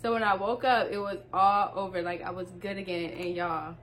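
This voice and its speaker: A young woman, telling a story to her viewers in a casual vlog, animated and laughing as she talks. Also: mid-range voice, normal speed.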